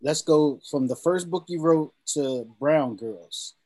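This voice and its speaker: A man hosting a casual interview, asking questions in a relaxed, conversational way. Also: fairly high pitch, takes it slowly. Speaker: interview host.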